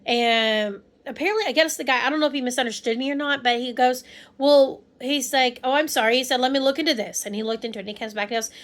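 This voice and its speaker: Young woman, rambling vlog storyteller, fairly high voice, lots of restarts. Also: fast talker, few pauses, fairly bright tone. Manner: rambling, restarts, quotes people with mock voices. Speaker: vlogger. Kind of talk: casual storytelling.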